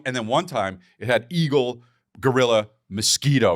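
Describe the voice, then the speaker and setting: A man co-hosting a podcast in casual banter, animated and breaking into shouted sound effects. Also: medium pitch, normal speed, dry recording, clean studio sound. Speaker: podcast co-host.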